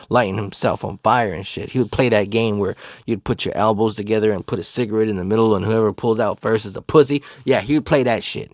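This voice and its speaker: A man casually telling a funny, profane story from his past, laid-back and animated, laughing along. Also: mid-range voice, dry recording, studio quality. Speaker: comedic storyteller.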